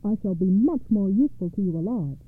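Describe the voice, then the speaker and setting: A woman's voice: medium pitch, lively intonation, fairly quick, close to an everyday voice. A woman reading as a wise talking cat. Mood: persuasive. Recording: tinny phone-like audio.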